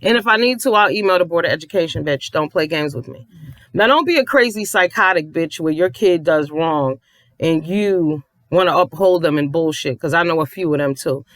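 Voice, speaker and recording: A mother telling a long story in a casual rant, profane and animated, acting out the people she quotes. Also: sits low, moderate pace, no room sound.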